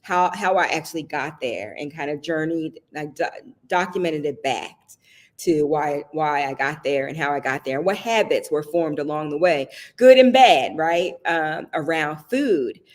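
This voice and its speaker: A Southern US woman hosts a casual live stream in a low-pitched, expressive voice at a moderate pace. She's chatty and personal, laughing often and frequently asking her viewers "right?"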